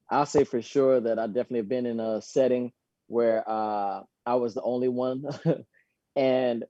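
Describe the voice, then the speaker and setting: Slangy, animated man on a phone call. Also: mid-range voice, no room sound. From Florida. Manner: animated, slangy, laughs often. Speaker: guest dancer. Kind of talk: casual chat.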